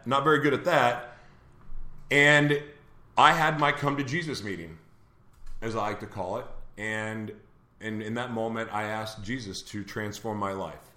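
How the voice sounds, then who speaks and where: A man's voice: medium pitch, sharp tone, reverberant. A man hosting a live talk show, telling a personal story in a candid, earnest way. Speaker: host.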